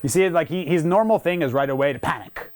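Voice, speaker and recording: A male dog trainer giving a casual, hands-on lesson, explaining with quick asides and breaking off to praise the dog. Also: fairly high pitch, animated, a little mellow. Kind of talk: casual instructional talk.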